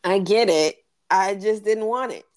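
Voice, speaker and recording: A woman co-hosting a podcast in casual chat, an animated storyteller who laughs often. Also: mid-range voice, measured pace, no echo, clean studio sound. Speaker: podcast co-host.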